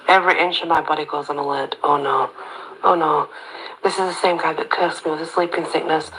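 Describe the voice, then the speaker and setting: Low, gravelly woman narrating a story. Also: a bit bright, low-quality recording. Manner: chatty, wry inner monologue. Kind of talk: first-person story narration.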